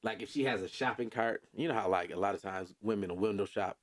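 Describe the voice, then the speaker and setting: A man's voice: on the low side, fast talker. A man hosting a casual podcast chat, laid-back and rambling, with many fillers and chuckles. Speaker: podcast host.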